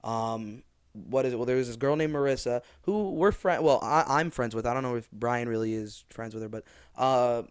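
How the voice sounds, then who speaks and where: A man's voice: mid-range voice, normal speed, smooth, no room sound, clean studio sound. A young man co-hosting a podcast, chatting casually and acting out quoted lines with gusto. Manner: animated storyteller, acts out quotes loudly. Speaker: podcast co-host. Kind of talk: casual chat.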